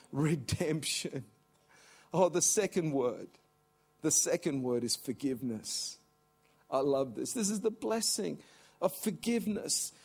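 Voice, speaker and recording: A middle-aged male pastor preaching a sermon with passion, climbing to shouts at the high points. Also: slightly rough. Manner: impassioned, rising to shouts.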